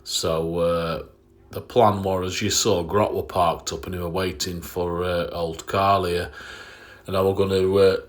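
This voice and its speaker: A man's voice: low voice, level tone, a little slow. A man, rambling casually with jokes and fillers as he narrates his model railway. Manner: rambling, jokey, lots of fillers. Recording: noisy background ambience.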